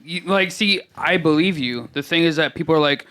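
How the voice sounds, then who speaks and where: Laid-back young podcast co-host. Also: male voice, on the high side, brisk, pushed and bright, clean tone. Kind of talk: casual chat.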